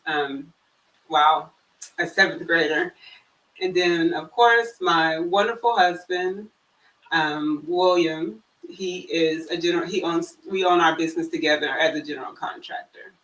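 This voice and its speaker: A woman in her forties, a guest on a casual talk show, speaking calmly with easy humor over a video call. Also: sits low, distant mic, rough recording. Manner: calm, warm-humored, occasional laughs. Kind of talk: casual chat.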